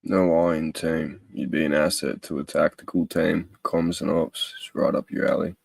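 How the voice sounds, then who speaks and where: A man's voice: a bass voice, fairly even intonation, moderate pace, creaky, a little mellow, husky, dry recording. A man chatting casually in a rambling, hesitant way. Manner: rambling, hesitant, lots of fillers. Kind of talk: casual chat.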